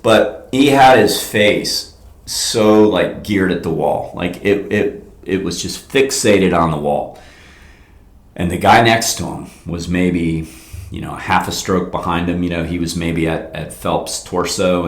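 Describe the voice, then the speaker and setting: A man's voice: low-pitched, measured pace. Rambling, blunt man with echo. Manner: animated, rambling, blunt, with many fillers. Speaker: fitness coach and podcast host. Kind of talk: casual solo podcast talk. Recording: roomy echo.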